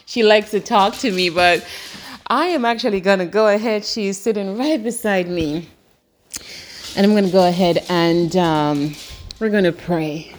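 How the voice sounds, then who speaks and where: A woman hosting a morning devotional, praying softly and slowly at home. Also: mid-range voice, heavy background noise. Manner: slow, soft prayerful delivery; sing-song greetings, baby talk to her dog. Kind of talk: morning prayer and encouragement. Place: bedroom at home.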